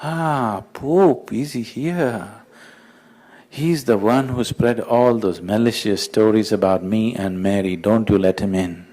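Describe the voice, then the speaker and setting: A man's voice: on the low side, slow pace, mellow. A man putting on a mischievous male spirit calling out from inside, sly and teasing. It is a short bit in a told joke.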